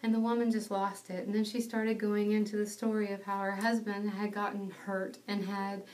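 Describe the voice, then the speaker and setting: A woman's voice: medium pitch, little pitch movement, normal speed, a little mellow, far from the mic. A young woman giving a personal testimony, telling the story in an earnest, self-deprecating way.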